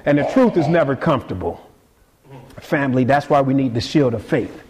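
A man preaching a sermon in a casual, conversational way, swinging between quiet passages and sudden emphatic peaks. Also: medium pitch, expressive, a little fast. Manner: casual conversational delivery with repeated words. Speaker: pastor.

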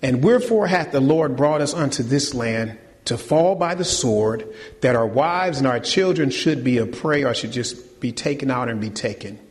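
A man preaching a sermon to his congregation, animated and colloquial, firing rhetorical questions and calling them y'all. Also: medium pitch, normal speed, long reverb tail. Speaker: pastor. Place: church.

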